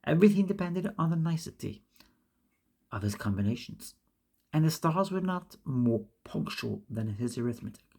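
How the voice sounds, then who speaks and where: A woman reading a classic essay aloud, with an emphatic delivery, often going back to fix misread words, in a gravelly, husky voice. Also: low voice, big pitch swings, moderate pace, a little mellow. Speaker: reader.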